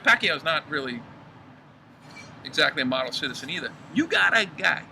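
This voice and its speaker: Ranting man, lively pitch, outdoor noise. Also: moderate pace. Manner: heated, profane ranting. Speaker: podcast co-host. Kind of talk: casual chat. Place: outdoors in a backyard. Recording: clear outdoor background noise.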